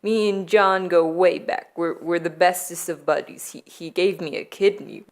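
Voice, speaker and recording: A woman playing a slick, smarmy businessman, hushed oily brag, lowish voice. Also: moderate pace, close to an everyday voice. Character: smarmy lying male businessman.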